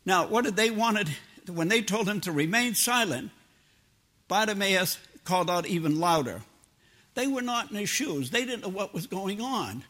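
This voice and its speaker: A man's voice: high voice, lively intonation, moderate pace, pushed and bright. An older man preaching a sermon in a homespun, plain-spoken way, mixing personal stories with scripture. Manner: homespun, plain-spoken, drops into everyday grammar.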